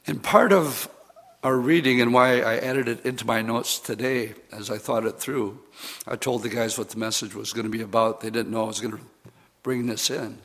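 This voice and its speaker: A man's voice: mid-range voice, fairly even intonation, normal speed, fairly bright tone. A man preaching a sermon, retelling scripture in a conversational, storytelling way with casual fillers.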